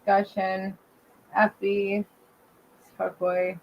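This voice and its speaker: A woman's voice: mid-range voice, monotone, very slow, dull audio. A woman musician guesting on a stream, chatting casually, hesitant and laughing nervously. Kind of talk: casual chat.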